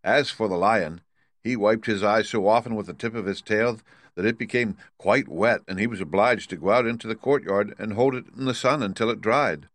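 A man narrating a children's storybook in a steady, even reading. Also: lowish voice, moderate pace, dry recording.

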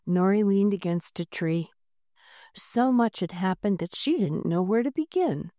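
A woman narrating a children's storybook in a gentle, unhurried reading voice, lightly voicing the characters. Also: medium pitch, lively intonation, no room sound, studio quality. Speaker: audiobook narrator.

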